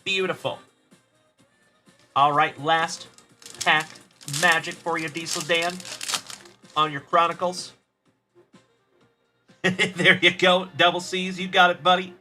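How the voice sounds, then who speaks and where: A man's voice: a little high, flat delivery, slow, pauses often, pushed and bright, faint music behind. A man hosting a card-opening livestream, upbeat and friendly, greeting viewers by name as he goes. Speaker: host of a trading card break livestream. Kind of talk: livestream chat shout-outs.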